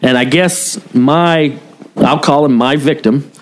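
A man's voice: medium pitch, slow pace. Profane, candid man telling a story. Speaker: podcast co-host, former police officer. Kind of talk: casual storytelling podcast chat.

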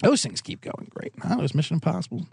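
A man's voice: a little high, sing-song, quick pace, vocal fry, darkish tone, husky. A man hosting a sports betting podcast, rambling through sarcastic, profane comedic riffs. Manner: rambling, sarcastic, swears a lot.

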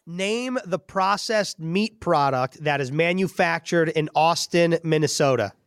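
A man hosting a sports podcast in a casual chat, upbeat with quick asides while reading out quiz questions. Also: fairly high pitch, a bit bright, clear, resonant tone, dry recording, studio quality. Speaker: podcast host.

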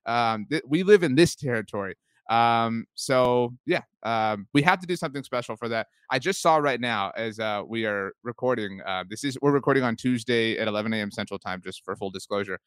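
A man's voice: mid-range voice, animated, a little fast, clean tone, no echo, studio quality. Upbeat rambling male podcast host. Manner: upbeat, joking, rambling with restarts. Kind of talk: casual sports chat.

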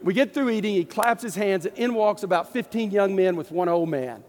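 A middle-aged man, a Baptist pastor from East Texas with a Texan accent, telling a story in a folksy, animated sermon. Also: sits high, brisk. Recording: long hall reverb.

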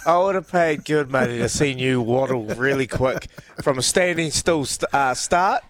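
A man's voice: medium pitch, a little slow, slight background noise. A man with a New Zealand accent hosting a breakfast radio show, upbeat and teasing in casual chat. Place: radio studio.

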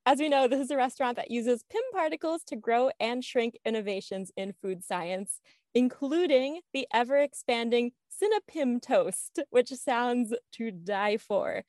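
A woman's voice: fairly high pitch, expressive, unhurried, darkish tone, no room sound, studio quality. A woman co-hosting a casual chat show, reading news items with bubbly, giggly enthusiasm. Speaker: podcast co-host.

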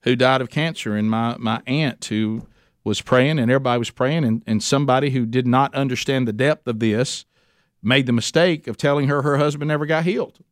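A man's voice: medium pitch, a little fast, dry recording, studio quality. A man preaching a sermon as a pastor in a folksy, conversational way, full of asides and restarts.

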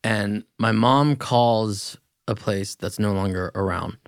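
A man's voice: lowish voice, slow pace, clean tone, dry recording, clean studio sound. A man speaking as a podcast guest, talking about his past in a candid, plainspoken way. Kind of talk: casual interview talk.

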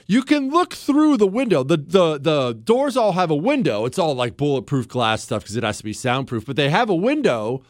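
A man's voice: fairly high pitch, normal speed, no echo. Talk radio guy, voice jumps all over the place, chatty and fired up, dry studio sound. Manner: animated, laughs at own stories, emphatic rhetorical questions. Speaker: radio talk show host. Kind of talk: casual on-air storytelling and commentary.

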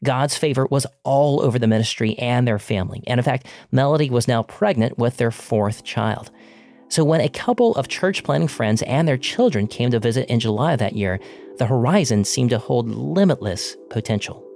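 A man hosting a podcast, reading a scripted narration in a measured storytelling way. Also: medium pitch, animated, darkish tone.

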